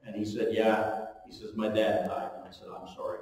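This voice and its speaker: A man preaching a sermon as pastor, telling stories with big swings between loud and soft passages. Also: a little fast, vocal fry, a little hiss or hum. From eastern Ontario, Canada. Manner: storytelling, animated with strong rises and drops in pitch and volume. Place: church hall. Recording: echoey hall, recorded from far off.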